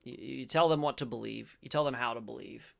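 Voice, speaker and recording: A man's voice: mid-range voice, brisk, creaky. A middle-aged man hosting a faith-based commentary show, reading aloud and reacting in a rambling, self-correcting way with sudden emphatic bursts.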